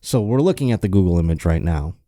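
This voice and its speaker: A male podcast host riffing sardonically and profanely while reading news articles aloud, running low on energy. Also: expressive, quick pace, mellow, no room sound, clean studio sound. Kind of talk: casual comedic podcast chat.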